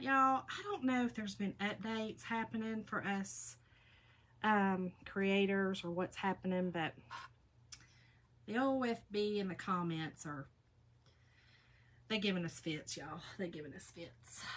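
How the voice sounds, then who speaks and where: A woman's voice: medium pitch, unhurried, pauses often, a bit bright. A woman, hosting a casual craft livestream and chatting folksily with viewers while she works.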